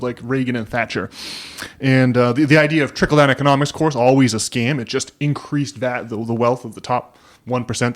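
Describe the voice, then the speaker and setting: A man hosting a podcast in casual chat, rambling with frequent restarts and tag questions. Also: mid-range voice. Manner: rambling, many restarts and "right?" tags. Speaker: podcast host.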